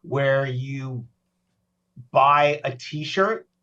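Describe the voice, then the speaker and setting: A man's voice: medium pitch, extremely slow, bright, forceful tone, far from the mic, highs cut off. A man speaking as a guest on a podcast, talking casually and animatedly, acting out shoppers in little voices. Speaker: podcast guest, payments specialist.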